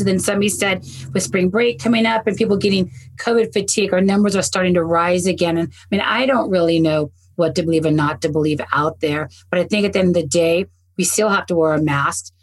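A woman's voice: mid-range voice, low-quality recording. A woman hosting an interview who asks questions and talks in an earnest, chatty way. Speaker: host. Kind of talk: conversational interview.

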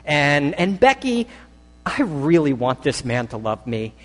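A man's voice: fairly high pitch, sing-song, a little slow, a bit bright, heavily acted. A male preacher voicing a sophisticated secular woman who speaks hesitantly and earnestly, heard in a reverberant hall. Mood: eager. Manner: hesitant, confiding.

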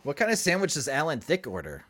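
Lively man co-hosting a podcast. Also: fairly high pitch, quick pace. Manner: asks friendly questions about the guest's comedy. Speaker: podcast co-host. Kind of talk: casual podcast chat.

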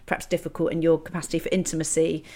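A middle-aged woman speaks openly on a podcast, working through her thoughts with frequent restarts. Her voice sits slightly low. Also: level tone, very fast, dark tone. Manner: candid, reflective, many restarts. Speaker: podcast host. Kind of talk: casual conversation.

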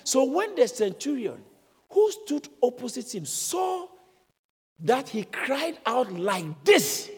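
A man preaching a sermon in a church, explaining and exclaiming with animated emphasis. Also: sits high, unhurried, husky, big-room sound. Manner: animated preaching, bursts into shouts when quoting. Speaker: pastor.

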